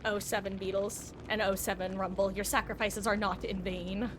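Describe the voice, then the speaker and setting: A woman's voice: mid-range voice, level tone, normal speed, noisy background. A woman live-streaming a game, chatting casually with viewers, greeting them and musing on playful wordplay. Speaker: livestreamer. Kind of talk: casual live-stream chat while gaming. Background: game music.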